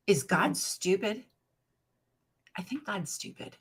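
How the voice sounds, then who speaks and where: Sassy, husky-voiced woman reading and ranting. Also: on the low side, animated, a little slow, a bit bright. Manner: sassy, profane asides, laughs at her own jokes. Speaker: livestream host reading a children's Bible storybook. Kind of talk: casual reading with rant commentary to live chat.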